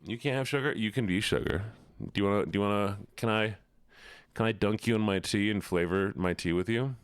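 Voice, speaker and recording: A man's voice: on the low side, fairly quick, smooth, dry recording, studio quality. A man streaming live, chatting casually with his audience in a playful, teasing way full of mock outrage.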